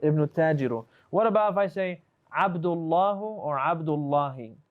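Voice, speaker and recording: A man teaches a live online class, asking question after question and gently correcting answers. His voice sits a little high for a man, and the sound is muffled and lo-fi, like call audio. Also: normal speed. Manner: patient, questioning, switches between English and Arabic terms. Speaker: Arabic teacher.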